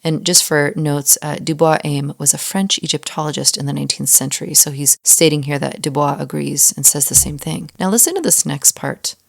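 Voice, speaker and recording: A woman hosting a scripted Bible-teaching podcast, explaining things clearly and dropping in wry, humorous asides. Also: deep voice, a little fast, few pauses, dry recording, studio quality.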